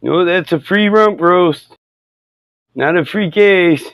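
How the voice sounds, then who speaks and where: A man chatting loosely with a friend, cracking jokes and laughing at his own lines. His voice sits a little high and he talks slowly. The recording is dry and a bit dull. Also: fairly bright tone, dry recording. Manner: jokey, laughing, slips into mock Canadian "eh". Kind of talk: casual chat, joking Canadian impressions.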